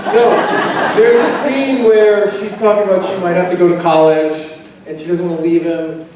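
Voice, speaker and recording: A man in his forties, a convention panel guest, telling relaxed and rambling anecdotes to fans. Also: high voice, normal speed, a crowd in the background. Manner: relaxed, rambling anecdotes with restarts and acted quotes. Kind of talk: casual storytelling to a fan audience. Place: large convention hall. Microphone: handheld mic recorded from far in the audience. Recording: echoey hall from far off.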